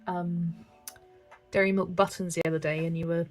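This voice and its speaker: A young woman, chatting casually and excitably while colouring and answering comments, with music playing softly behind her. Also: fairly low pitch, normal speed, poor audio. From England. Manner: chatty, excitable, laughs often. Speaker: colouring livestreamer.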